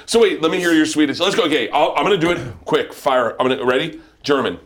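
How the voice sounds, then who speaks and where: A man hosting a casual comedic podcast, excitable and laughing often. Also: on the high side, quick pace. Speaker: podcast host.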